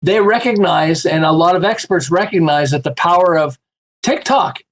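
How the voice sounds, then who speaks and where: A man with a slightly high voice chatting casually as a podcast guest. He tells lively stories and acts out the voices of the people in them. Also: moderate pace. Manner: animated, acts out quoted voices with laughs. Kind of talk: casual storytelling chat.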